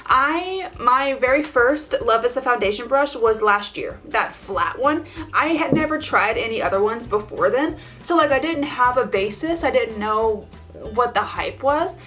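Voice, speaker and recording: A woman's voice: a little high, animated, measured pace, bright, forceful tone, soft background music. A woman beauty vlogger chatting casually through a makeup tutorial, gushing and filling her talk with "like" and little laughs.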